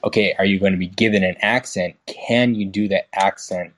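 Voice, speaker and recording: A man's voice: low-pitched, fairly even intonation, brisk, fairly bright tone. A young man in casual conversation, rambling with restarts and fillers, frank and swearing casually. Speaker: guest.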